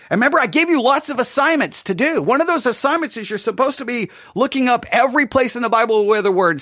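A man's voice: high voice, fairly bright tone, no echo, studio quality. A man teaching a casual Bible study podcast, talking conversationally and checking in with listeners by asking "right?" throughout.

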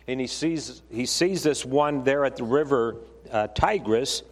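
A man preaching a Bible teaching sermon in a conversational way, often restarting his phrases. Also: mid-range voice. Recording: long reverb of a hall.

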